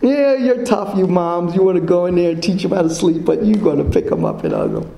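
A man preaching a sermon to a congregation in a church, repeating his points slowly and quizzing the listeners with fill-in questions. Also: sits high, wildly swooping pitch, creaky, mellow. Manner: slow, emphatic repetition. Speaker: pastor. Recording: echoey church room.

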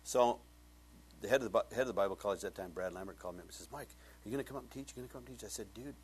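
A man preaching as a pastor, telling a personal story with lively acted-out dialogue that swings up high when he gets excited. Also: brisk, slight background noise. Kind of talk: sermon with storytelling.

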